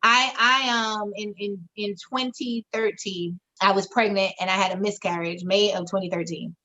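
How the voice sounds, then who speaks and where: A woman's voice: mid-range voice, steady tone, moderate pace, bright, forceful tone. A woman in her thirties, candidly telling a painful personal story in a podcast chat, frank and emotional and swearing freely. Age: 30s. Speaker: podcast co-host. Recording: slightly dull lo-fi sound.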